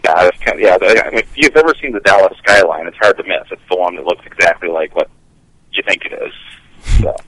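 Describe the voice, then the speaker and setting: A man co-hosting a podcast, chatting casually with dry jokes and halting restarts. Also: low-pitched, fairly bright tone, dry recording, poor audio. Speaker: podcast co-host. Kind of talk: casual chat.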